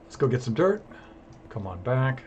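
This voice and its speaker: A man's voice: medium pitch, sing-song, moderate pace, noisy background. A man chatting through live gameplay commentary, self-amused and handing out jokey tips. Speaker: streamer.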